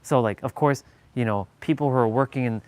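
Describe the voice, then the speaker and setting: A man from Southern California talks casually on a livestream, his mid-pitched voice rambling along with plenty of fillers and the odd swear word. The sound is dry and close, with almost no room echo. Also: brisk, darkish tone, clean tone. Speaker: livestream host. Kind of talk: casual chat. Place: indoors, away from the city he talks about.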